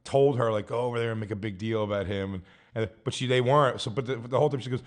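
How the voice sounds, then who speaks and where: A man, a guest comedian, rambling through stories in casual chat and acting out the people he quotes in higher voices. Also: rapid-fire. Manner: rambling storyteller, acts out quotes in higher voices, laughs a lot.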